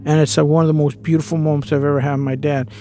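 Over music, a man with a fairly high voice tells a personal story at a rapid-fire clip, keeping his tone level. He's candid and conversational, letting the occasional curse word slip.

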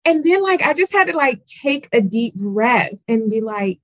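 A woman on a group video call, telling a personal story in an animated way. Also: on the high side, normal speed, no room sound. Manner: animated storyteller, acts out voices. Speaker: call participant. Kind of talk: casual group chat.

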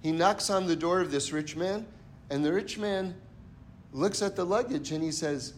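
With a high voice at a moderate pace, a man teaches a Torah lesson by telling stories, acting out the characters. He keeps checking in with listeners by asking "right?", and there is slight background noise.

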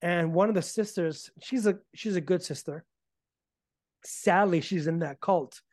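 A man being interviewed, telling his story in a casual, animated way and acting out the arguments he reports. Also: high voice, unhurried, dry recording, clean studio sound. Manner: animated, acts out quoted arguments. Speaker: podcast guest.

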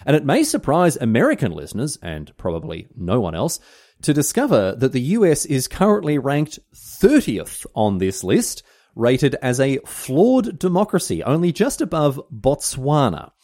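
Lively Australian man hosting a podcast. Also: mid-range voice, normal speed. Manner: animated, mock-outraged asides, swears mildly. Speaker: history podcast host. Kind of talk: casual history podcast narration.

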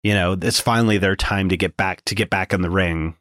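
A man's voice: sits low, brisk, dry recording, studio quality. A man hosting a podcast, chatting loosely with lots of fillers. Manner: loose, filler-heavy, animated. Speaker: podcast host. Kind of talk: casual chat.

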